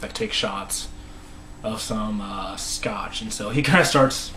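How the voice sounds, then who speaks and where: A man's voice: fairly low pitch, takes it slowly, sharp tone, a little hiss or hum, poor audio. A man casually recapping a TV episode, rambling with many restarts and voice dropping to a mumble. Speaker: episode reviewer.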